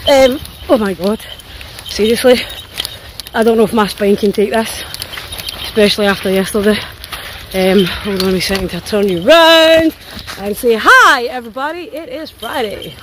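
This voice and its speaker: A woman's voice: sits high, expressive, measured pace, background noise. A Scottish woman walking her dogs and chatting to a phone, tired and sore, swearing and chattering as she goes. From Scotland. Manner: chatty, swearing, voicing her dogs' thoughts. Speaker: dog walker vlogger. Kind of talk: casual walking vlog. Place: outdoors in woods on a walk.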